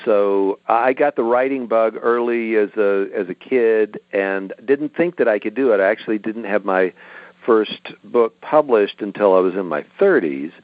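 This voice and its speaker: Low-voiced man on a phone line. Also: normal speed, no echo. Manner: relaxed, explanatory storytelling. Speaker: author guest. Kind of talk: interview over a phone line. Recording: tinny dry phone line.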